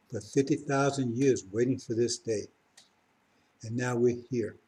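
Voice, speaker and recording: A man's voice: mid-range voice, warm tone. A middle-aged man giving a rambling live-streamed religious talk, correcting himself and then building to fervent emphasis. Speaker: religious teacher.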